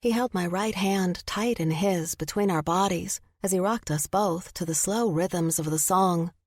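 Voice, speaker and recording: A woman narrating a first-person romance audiobook in an even storytelling manner. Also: fairly low pitch, unhurried.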